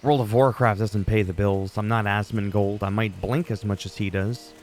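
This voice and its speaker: Profane gamer ranting. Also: male voice, lowish voice, steady tone, normal speed, darkish tone. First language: French. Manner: ranty, profane, opinionated. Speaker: gaming YouTuber. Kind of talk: casual gameplay commentary.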